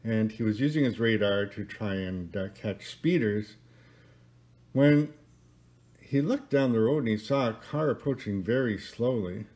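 A man telling a long joke in a casual, halting way. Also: mid-range voice, a little mellow. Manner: hesitant, with fillers and restarts. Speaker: church member telling a joke.

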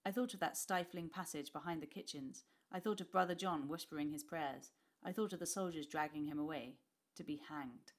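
Woman reading a story aloud to kids, british accent, slightly low voice, gets quiet and whispery in tense bits. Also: fairly quick. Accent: British English. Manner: expressive, voices characters, drops to whispers. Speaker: teacher reading a class novel aloud.

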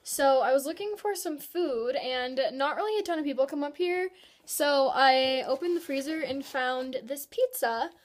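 A woman's voice: high-pitched, normal speed, no echo. A young woman chatting casually in a vlog, giggly and talkative, filmed on her phone. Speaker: vlogger. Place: outdoors and in a car. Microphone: phone camera.

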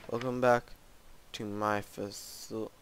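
A man voicing the game's facility as a sly figure, welcoming its prisoner back in a low, mocking tone. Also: level tone, slow, slight background noise. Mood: taunting.

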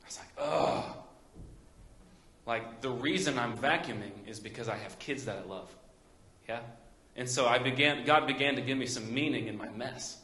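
Young Midwestern pastor, rambling story-style sermon, mid-pitched, echoey church sound. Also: male voice, fairly quick, pushed and bright. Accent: Midwestern American. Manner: storytelling with many fillers and restarts. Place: church sanctuary.

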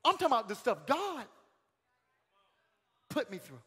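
A male pastor preaching a sermon in a church, calling out to the congregation, swinging from shouted peaks to sudden quiet lines. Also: extremely high pitch, huge pitch swings, measured pace, husky. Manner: calls out to the congregation. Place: church sanctuary. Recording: long hall reverb.

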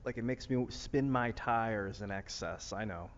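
Rambling low-voiced man from Ohio. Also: measured pace, big-room sound, lo-fi sound, slight background noise. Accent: Northeast Ohio. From Northeast Ohio, USA. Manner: musing, meandering, many fillers and restarts. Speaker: vlogger. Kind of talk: casual rambling monologue. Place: outdoor rooftop among plants.

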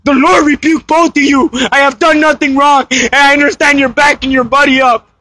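A man from the United States, frightened and crying, insistently pleading and at times shouting during a tense confrontation. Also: very high voice, level tone, brisk, dry recording. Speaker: citizen confronted by police.

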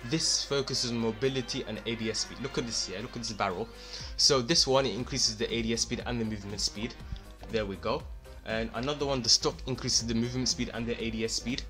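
A man's voice: mid-range voice, fairly even intonation, quick pace, sharp tone, faint music behind. Hyped male gamer commentating gameplay. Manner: hyped, exclaims often, says "man" a lot. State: losing his voice a little. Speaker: gaming YouTuber.

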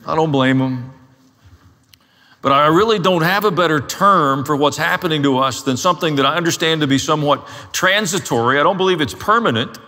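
A man's voice: on the high side, brisk, pushed and bright, in a large hall. A man preaching a sermon as a pastor, telling his own story in a candid, self-deprecating way.

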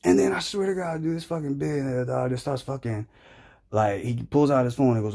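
A man's voice: mid-range voice, brisk, creaky, mellow. A man telling a crude comic story in a profane, rambling, slangy way. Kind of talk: crude comedic storytelling rant.

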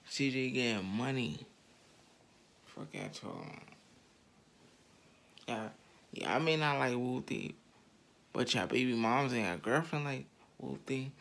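A man's voice: mid-range voice, expressive, unhurried, vocal fry, long pauses, fairly bright tone, slight background noise. A man ranting in heated, slangy street talk straight at his viewers, repeating his points over and over. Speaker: online commentator.

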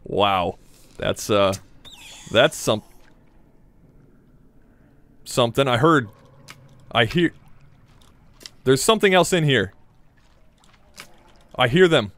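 A young man giving joking, excitable commentary while playing a survival horror game, talking to his viewers and swearing when startled. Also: mid-range voice, slow, long pauses. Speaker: gaming channel host.

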